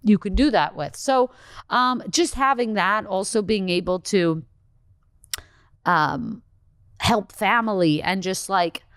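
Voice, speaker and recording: A woman from Canada, a comedian guest, telling a story in a lively, swearing, casual podcast chat. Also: mid-range voice, clear, resonant tone, dry recording. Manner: animated storytelling, swearing, quick asides.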